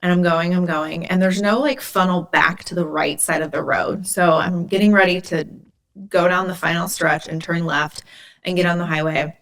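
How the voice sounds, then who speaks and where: A woman podcast host from Indiana tells stories in a loose, chatty way. She sprinkles "like" through her sentences. Her voice sits a little low for a woman. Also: fairly even intonation, moderate pace, a bit bright. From Indiana, USA. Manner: chatty, lots of "like" fillers. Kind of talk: casual storytelling chat.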